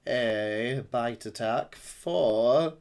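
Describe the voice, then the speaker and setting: A man's voice: medium pitch, very slow, darkish tone. A man with a Mancunian accent, narrating a tabletop game as the dungeon master and laughing often.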